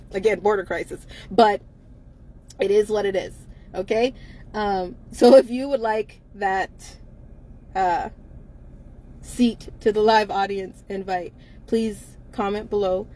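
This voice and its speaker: A woman's voice: medium pitch, steady tone, slow, pauses often, darkish tone. A woman co-hosting a casual live-stream chat from inside a car, blunt and emphatic, laughing often between her lines.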